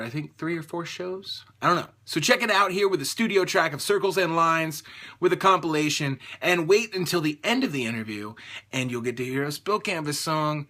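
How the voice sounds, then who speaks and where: A man's voice: fairly high pitch, sharp tone. A man hosting a casual podcast interview, chatty and offhand, with a dry self-mocking streak. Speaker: podcast host.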